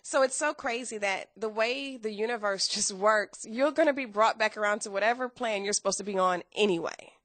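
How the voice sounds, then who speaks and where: A woman in her thirties, a guest telling her story in a casual interview, animated and acting out quoted dialogue. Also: medium pitch, brisk, few pauses, no room sound.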